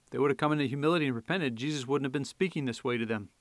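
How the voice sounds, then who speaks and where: A man preaching a sermon, swinging from quiet explanation to loud, fiery scripture reading. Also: medium pitch, racing, dry recording.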